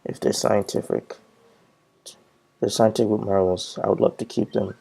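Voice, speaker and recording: Creaky low-voiced man playing a game. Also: little pitch movement, normal speed, mellow. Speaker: gameplay commentator. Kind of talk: let's play commentary, reading game dialogue aloud.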